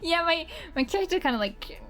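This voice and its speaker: A woman's voice: extremely high pitch, expressive, a little fast, fairly bright tone. A young adult woman livestreaming from her bedroom, talking in a rambling, slangy, giggly way with lots of restarts. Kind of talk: casual live-stream chat. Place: home bedroom.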